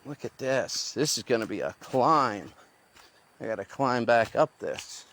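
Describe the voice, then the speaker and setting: A man's voice: mid-range voice, lively intonation, measured pace, fairly bright tone, slight background noise. A man vlogging as he hikes through the jungle outdoors, thinking aloud as he goes. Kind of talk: talking to camera while hiking. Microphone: handheld phone.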